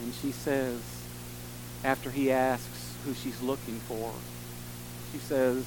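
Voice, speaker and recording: A man preaching a sermon in an earnest way, rising to strong emphasis and dropping to soft, slow passages. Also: mid-range voice, level tone, background noise. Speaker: pastor.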